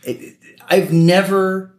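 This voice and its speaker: A man talking in a casual chat, animated, switching into impressions of other people. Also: high voice, slow. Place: Mexico City.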